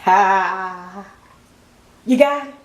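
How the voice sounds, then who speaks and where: Speaking extremely slowly in a mid-range voice, a vlogger in her fifties talks casually to camera in a room with lots of reverb. She laughs frequently and addresses her viewers as y'all.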